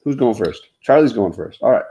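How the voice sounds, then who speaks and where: A man's voice: mid-range voice, expressive, fairly quick, dark tone. A man hosting a casual comics livestream from home, rambling with lots of fillers. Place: home, in front of a comic display.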